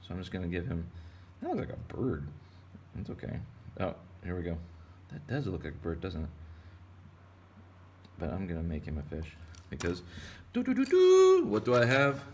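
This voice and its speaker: A man's voice: low-pitched, moderate pace, long pauses, warm tone, a little hiss or hum. A man from Texas giving a casual drawing lesson for kids, rambling and playful as he goes. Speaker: art teacher.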